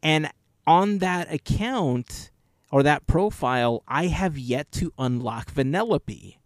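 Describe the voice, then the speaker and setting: A man's voice: on the high side, lively intonation, slow, dry recording, clean studio sound. A man hosting a podcast, chatting casually and rambling through stories with many restarts. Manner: rambling, self-correcting storyteller. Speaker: podcast host.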